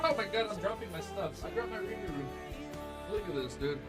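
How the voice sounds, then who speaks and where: A young man chatting casually on a live stream, excitable and swearing often, swinging from quiet gratitude to loud excitement. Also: high-pitched, brisk. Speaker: livestreamer. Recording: faint music behind.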